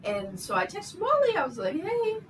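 A young woman guest on a casual podcast, telling a story hesitantly with many pauses and ums. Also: sits high, wildly swooping pitch. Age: young adult. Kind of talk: casual chat. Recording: distant mic with noticeable background noise.

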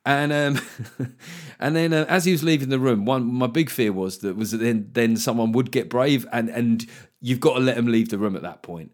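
A man's voice: medium pitch, moderate pace. A middle-aged man, a comedian hosting his own podcast. He chats casually, swears freely and acts out other people's voices as he tells a story. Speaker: podcast host and stand-up comedian. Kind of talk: casual solo podcast monologue.

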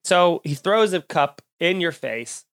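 A man hosting a comedy podcast, ranting in an animated, profane, mock-outraged way. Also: a little high, slow pace, clean tone. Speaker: podcast host.

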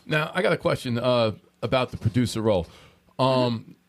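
A man's voice: mid-range voice, normal speed. A man hosting a video game podcast in a casual, eager, talkative way. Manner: eager, talkative, self-correcting. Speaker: podcast host.

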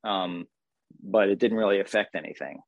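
A man's voice: deep voice, moderate pace, vocal fry, dry recording, dull audio. Rambling wry man with Jersey accent. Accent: New Jersey. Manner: rambling, wry, full of fillers. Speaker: guest, actor and crew member. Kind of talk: casual interview chat.

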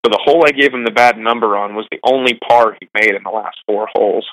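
A man's voice: lowish voice, quick pace, a bit bright, no room sound, rough recording. A young man working as a caddie, rambling through stories in a casual, self-deprecating way. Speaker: golf caddie being interviewed. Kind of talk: casual storytelling.

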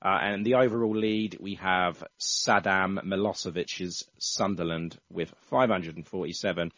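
A man's voice: low-pitched, steady tone, measured pace, fairly bright tone, no room sound, lo-fi sound. A man hosting a casual football podcast, chatting with frequent restarts. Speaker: podcast host.

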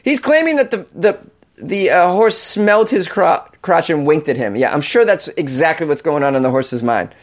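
A man's voice: a little high, expressive, moderate pace. A man hosting a comedic talk show, reading odd news stories aloud and joking with frequent laughs and stammered restarts. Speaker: host.

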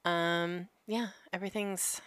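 A woman's voice: fairly low pitch, steady tone, slow pace, a bit bright, clean tone, no room sound. A woman co-hosting a podcast in casual chat, laid-back and swearing, reading out historical facts. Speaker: podcast co-host.

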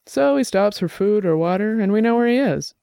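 A man reading the lines of a weary, wry investigator with a rasp in his voice. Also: high-pitched, expressive, a little fast, mellow, dry recording, clean studio sound, voice pushed up. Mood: dry. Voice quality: raspy.

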